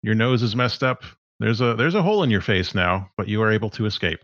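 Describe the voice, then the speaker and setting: A man narrating as game master in a tabletop game, relaxed and laughing along. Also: fairly low pitch, fast, no echo, dull audio.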